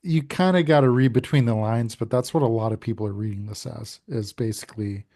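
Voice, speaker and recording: Mellow, easygoing male podcast co-host. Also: medium pitch, a little fast. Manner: easygoing, agrees often. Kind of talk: casual chat.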